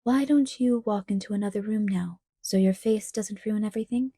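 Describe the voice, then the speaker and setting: A woman reading an audiobook, voicing a pleasant-sounding man who politely threatens in a smooth tenor. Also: mid-range voice, normal speed, warm tone, no echo, studio quality, natural voice. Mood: calmly menacing. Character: menacing young-sounding male villain, light and friendly.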